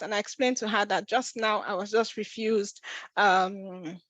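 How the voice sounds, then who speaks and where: A woman's voice: medium pitch, fairly even intonation, moderate pace, a bit bright, no room sound, dull audio. Woman vlogger, mid-range voice, earnest personal storytelling with restarts, dry close recording. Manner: earnest, emotional, frequent restarts.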